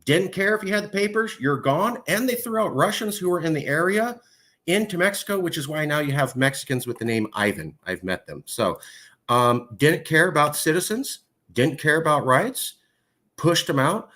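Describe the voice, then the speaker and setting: A man hosting a casual interview, talking in long rambling stretches with many fillers and pitch that jumps high when he gets worked up. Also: sing-song, normal speed, bright, forceful tone. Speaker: podcast host.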